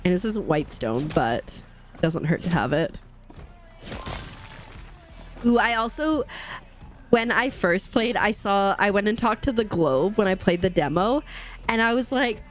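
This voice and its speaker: A woman's voice: medium pitch, expressive, unhurried, pauses often, soft background music. Chatty giggly woman streaming a game. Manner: chatty, giggly, talks to chat. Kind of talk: casual live-stream chat while gaming. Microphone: desk microphone.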